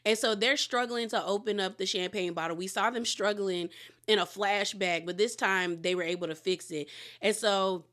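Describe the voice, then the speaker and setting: A woman's voice: medium pitch, moderate pace, fairly bright tone. A woman recapping a reality TV episode in a casual, rambling way, acting out what the cast said. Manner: rambling storyteller, acts out the cast's lines.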